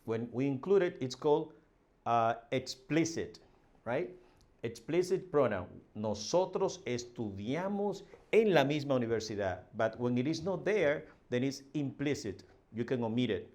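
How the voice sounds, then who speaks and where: A man's voice: medium pitch, lively intonation, normal speed, a little mellow. A male language teacher explaining a dialogue, reading lines aloud and translating them, with many fillers and restarts. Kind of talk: spoken language lesson.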